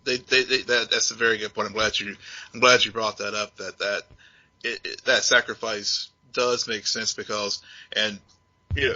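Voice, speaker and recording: Low husky guy, agreeable, trips over his words, really forceful tone. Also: dull audio. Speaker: guest co-host. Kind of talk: casual podcast chat.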